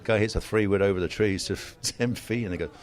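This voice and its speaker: Lively storytelling older man, low voice. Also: brisk. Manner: animated storyteller, slips into mimicry. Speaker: golf commentator, guest. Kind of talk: casual interview chat.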